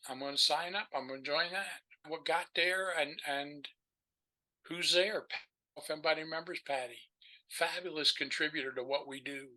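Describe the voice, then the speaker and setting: An older man tells a long story as a podcast guest, rambling and full of restarts. His voice is very bright and ringing, a little high for a man. He talks in an animated, chatty way. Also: normal speed, poor audio. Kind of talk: storytelling in a casual chat.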